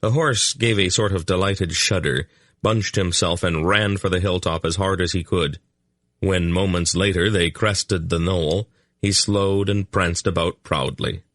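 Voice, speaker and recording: A male audiobook narrator reading a story in an even, measured way. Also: deep voice, no room sound, studio quality. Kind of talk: scripted narration.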